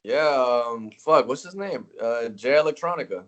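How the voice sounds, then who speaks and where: A man's voice: medium pitch, expressive, normal speed, dull audio. A man chatting as a podcast guest, laid-back, with short reactions and casual swearing. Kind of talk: casual chat.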